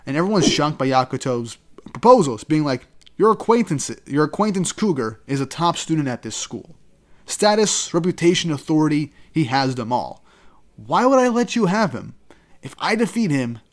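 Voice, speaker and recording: A man casually recapping and reacting to a manga chapter, with excited asides and quick voice-acting of quoted lines. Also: a little high.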